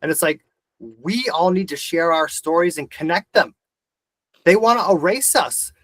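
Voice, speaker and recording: Guy ranting hard on a video call, swears a ton, kinda high voice. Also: animated, moderate pace, a bit bright, no room sound. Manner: intense, ranting, heavy swearing. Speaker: host of the discussion. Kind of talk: impassioned video call discussion.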